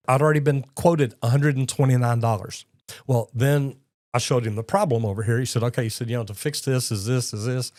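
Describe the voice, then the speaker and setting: A man's voice: medium pitch, a little fast, darkish tone, no room sound, studio quality. A middle-aged man with a Texan accent, a plumbing educator telling stories and giving blunt, emphatic advice straight to camera. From Texas. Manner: blunt, emphatic, folksy storytelling. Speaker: plumbing educator, channel host. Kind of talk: direct-to-camera commentary with anecdotes.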